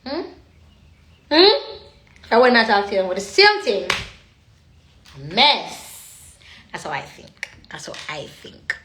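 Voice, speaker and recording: A woman's voice: a little high, huge pitch swings, slow, long pauses, a bit bright, reverberant, a little hiss or hum. Emphatic woman. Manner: emphatic, repetitive, musing. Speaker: vlogger. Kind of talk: emotional casual monologue.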